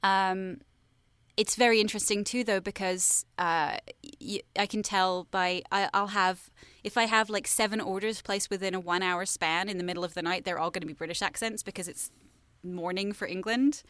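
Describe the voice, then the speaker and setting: A woman's voice: medium pitch, steady tone, fairly bright tone, clean tone, no room sound. A woman voice actor with an American accent and a slight Southern twang, chatting casually in an interview and joking at her own expense. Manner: chatty, self-deprecating, quick asides. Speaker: voice actor guest.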